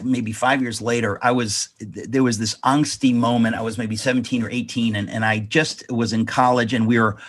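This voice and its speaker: A husky-voiced man recounts a family memory as an interview guest. He rambles and often restarts his sentences as he goes. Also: on the low side. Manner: rambling, self-correcting anecdotes. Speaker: author guest. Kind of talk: storytelling in an interview.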